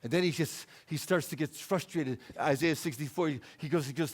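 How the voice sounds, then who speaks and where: A male American preacher with a somewhat high-pitched voice, delivering a sermon in a church. He talks to the congregation in a low, conversational tone, then builds to impassioned, loud bursts of conviction. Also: fairly quick, hardly any pauses, husky. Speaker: guest preacher. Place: church sanctuary.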